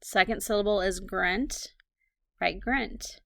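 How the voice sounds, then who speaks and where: A woman teacher reads spelling words aloud at an unhurried pace, breaking each word into syllables and spelling it letter by letter. Her voice has a gravelly edge, and the recording is dry and close, with no room sound. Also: mid-range voice, a bit bright, no echo. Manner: slow, deliberate dictation, spelling letter by letter. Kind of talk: recorded phonics lesson, dictating words.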